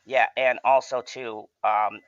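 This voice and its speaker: A man hosting a live stream, talking in a loose, rambling and profane way. His pitch sits in a middle register. The sound is dry and a little dull and lo-fi. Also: steady tone, slow pace, fairly bright tone, dry recording. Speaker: stream host. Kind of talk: casual live-stream chat.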